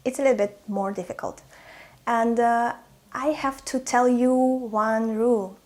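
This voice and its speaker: A woman teacher speaks with a Russian accent and a slightly high voice. She talks unhurriedly, sounding out each word carefully as she leads pronunciation drills. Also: fairly even intonation, unhurried, a little mellow. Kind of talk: language lesson.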